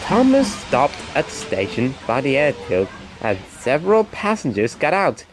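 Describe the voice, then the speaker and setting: Expressive man reading a storybook. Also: medium pitch, normal speed, faint music behind. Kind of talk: reading a children's storybook aloud.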